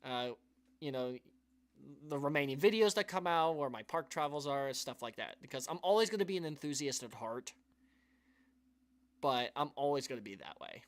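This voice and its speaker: This is a man with a voice a touch higher than most, hosting a live stream for his viewers. He talks in an earnest, rambling way, restarting sentences and sighing. An emotional weight runs through his talk. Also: animated, normal speed. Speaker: YouTube channel host.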